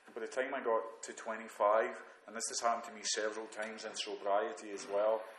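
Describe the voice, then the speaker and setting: Man, low voice, candid, self-mocking, halting restarts, echoey room. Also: level tone, a bit bright. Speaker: recovering alcoholic sharing on the program. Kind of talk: reading aloud then personal reflection. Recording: roomy echo, faint background noise.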